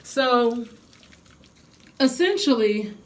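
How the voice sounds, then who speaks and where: A woman's voice: fairly high pitch, lively intonation, drawn-out words. A young adult woman telling a heated storytime to her vlog viewers, venting with blunt, profane language. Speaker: vlogger.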